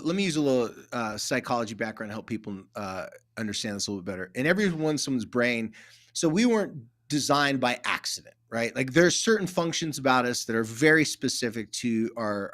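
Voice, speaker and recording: A middle-aged man, a therapist guest, telling stories in casual conversation and acting out quoted dialogue. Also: medium pitch. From California. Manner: animated, acts out quoted dialogue.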